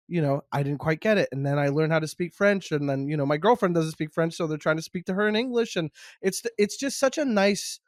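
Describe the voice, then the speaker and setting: Young guy from montreal, comedian on a podcast, higher voice, dry mic. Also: no echo. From Montreal, Quebec. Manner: animated, jokey storytelling. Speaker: stand-up comedian, guest. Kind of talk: casual podcast chat.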